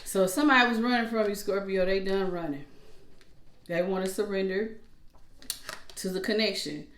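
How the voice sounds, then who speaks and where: Woman, tarot reader, casual, animated asides, mid-pitched, roomy echo. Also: moderate pace, a little hiss or hum. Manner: chatty, animated storytelling with acted-out asides. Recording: echoey room.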